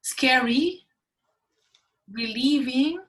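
A middle-aged woman speaks as a podcast guest, her voice pitched a little high and very bright. She tells her story with animated, emphatic energy. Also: drawn-out words, far from the mic, poor audio. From Mexico. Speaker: guest, business consultant. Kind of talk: casual interview talk.

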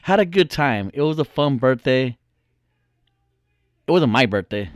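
A man's voice: medium pitch, animated, measured pace, dry recording, clean studio sound. A man casually telling a story to his viewers, laughing often and swearing freely.

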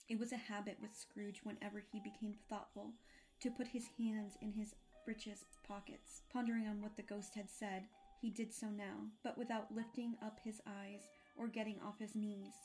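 A woman giving a measured, even storybook narration. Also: medium pitch, soft background music.

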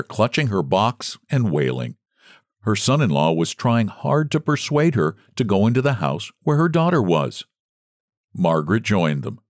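A man's voice: fairly low pitch, no room sound, studio quality. A man reading a story aloud as an audiobook narrator. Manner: expressive storytelling. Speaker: audiobook reader. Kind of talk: scripted narration.

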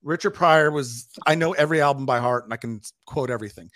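An older man, a photographer guest, chatting casually and telling stories in an animated, teasing way. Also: medium pitch, fast. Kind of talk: casual interview chat.

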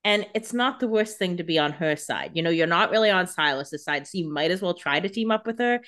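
Woman co-host, kinda low voice, jokey and chatty, lots of ups and downs in her pitch. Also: lively intonation, fairly quick, fairly bright tone. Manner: wry and joking, laughs often. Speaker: podcast co-host. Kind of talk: casual chat recapping a TV episode.

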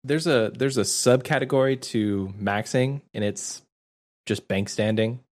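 A man's voice: mid-range voice, unhurried. Man, podcast co-host, casual gaming chat, laughs a lot, easygoing.

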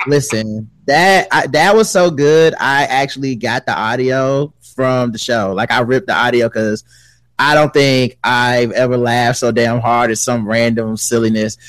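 A man's voice: medium pitch, a little slow, fairly bright tone, no room sound. Laid-back man in a dry recording. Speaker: podcast co-host. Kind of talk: casual chat.

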